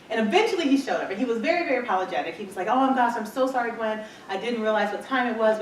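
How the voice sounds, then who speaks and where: A woman speaker tells her business story to an audience, acting out what people said to her as she goes. She sits at a middling pitch. The recording is distant and very echoey, with a faint hiss underneath. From Michigan, USA. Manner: animated storyteller acting out quoted dialogue. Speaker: entrepreneur speaker. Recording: echoey hall, far from mic, faint noise.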